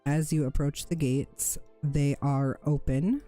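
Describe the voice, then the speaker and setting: A game master narrates a fantasy tabletop game, describing scenes at a slow, careful pace. The voice is mellow and relaxed, with small self-corrections along the way. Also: mid-range voice, faint music behind.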